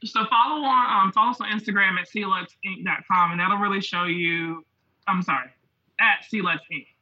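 A man's voice: high-pitched, normal speed, bright, forceful tone, muffled recording. A man talking as a podcast guest in casual chat, chatty with many fillers.

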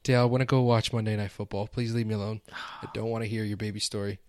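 A man's voice: lowish voice, level tone, quick pace, a little mellow, dry recording. Joking man, dry close sound. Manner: joking, teasing banter. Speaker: podcast co-host. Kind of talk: casual chat.

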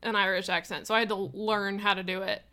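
A woman talking casually on a tabletop game show with other players. She is agreeable and chimes in with quick affirmations. Her tone stays relaxed and conversational. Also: mid-range voice, clean tone. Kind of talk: casual chat.

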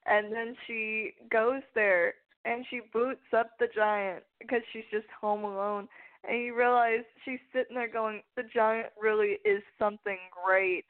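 A woman's voice: fairly high pitch, steady tone, a little slow. A woman co-hosting a casual podcast, rambling through a favorite scene from a TV show and quoting the characters and her own reactions. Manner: rambling, conversational retelling with quoted reactions. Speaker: podcast co-host. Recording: phone-like narrow sound.

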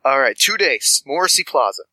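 A man's voice: medium pitch, sing-song, normal speed, sharp tone, dry recording, heavily acted, rough recording. A man voicing a friendly, scatterbrained male street informant who stammers and rambles. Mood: rambling.

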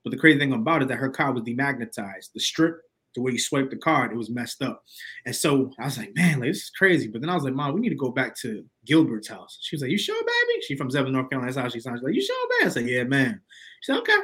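Podcast guest, young adult man, mid-pitched voice, slangy storyteller who acts out the quotes. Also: fast, fairly bright tone. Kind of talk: storytelling in casual conversation.

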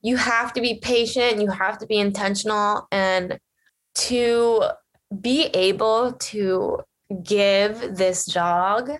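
A young woman talks straight to her viewers in a casual, gushing rush, with fillers in nearly every phrase. Her voice sits at an ordinary middle pitch for a woman. She sounds like a vlogger telling a personal story. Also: steady tone. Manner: chatty, fast and gushing, many fillers. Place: lives in Los Angeles area.

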